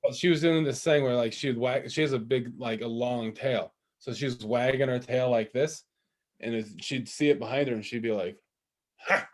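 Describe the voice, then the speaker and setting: A man's voice: mid-range voice, a little fast, a little mellow. Rambling male podcast co-host. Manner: rambling, full of "like", laughs while telling. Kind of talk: casual chat.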